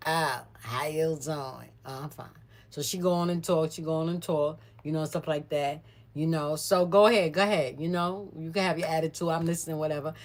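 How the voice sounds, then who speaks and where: Low-voiced woman telling a family story. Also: brisk. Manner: animated, mimics other people's voices. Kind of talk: casual storytime chat.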